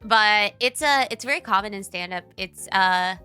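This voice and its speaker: A woman's voice: medium pitch, normal speed, pushed and bright, soft background music. A young woman from Brazil, a comedian, chatting casually as she reacts to a stand-up clip, often restarting her sentences.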